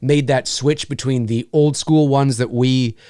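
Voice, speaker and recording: A man's voice: mid-range voice, measured pace, clean tone, no echo, studio quality. A middle-aged man in casual chat as host, telling stories with lots of restarts and laughs. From Canada. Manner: animated storyteller, many restarts and laughs.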